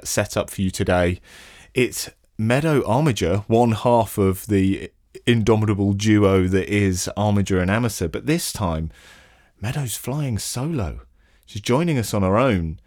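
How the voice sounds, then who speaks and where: Wry low-voiced male podcast host. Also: no echo, studio quality. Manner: loose, wry, warmly formal intro with ums. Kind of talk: podcast introduction.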